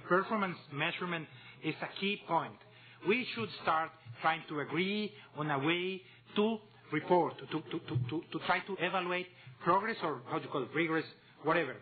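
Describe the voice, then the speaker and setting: Man, Spanish accent, conference talk, hesitant repeats, tinny phone-like sound, faint hum. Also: high-pitched. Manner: hesitant, repeats words, joking asides. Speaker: conference speaker. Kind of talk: conference presentation. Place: meeting room.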